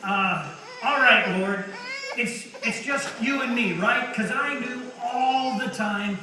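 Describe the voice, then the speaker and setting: A man's voice: extremely high pitch, slow. A man on stage playing a worn-out, frazzled ancient Noah who pleads and stammers in a whiny, exasperated way. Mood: exasperated pleading. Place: large hall at a talent show. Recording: echoey hall from far off, noisy.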